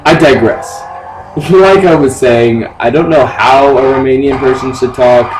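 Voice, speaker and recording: A man's voice: medium pitch, unhurried. Young man rambling over gameplay, distant mic. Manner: profane, rambling, jokey. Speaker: let's play gamer. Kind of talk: casual gameplay commentary. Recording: distant mic with clear background noise.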